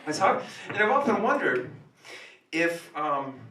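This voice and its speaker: A man's voice: a little high, a little slow, a little hiss or hum. Man doing stand-up in a roomy café. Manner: animated storytelling, switching between hushed asides and sudden loud outbursts. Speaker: comedian. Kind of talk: stand-up comedy monologue. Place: small café stage. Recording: roomy café sound from a distant camera.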